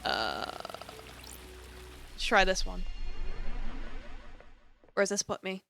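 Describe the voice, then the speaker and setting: Bright-voiced woman streamer reading game lines. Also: mid-range voice, very animated, slow, gravelly, soft background music. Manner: reads game dialogue aloud with offhand asides and swearing. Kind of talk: casual gameplay commentary, reading dialogue aloud.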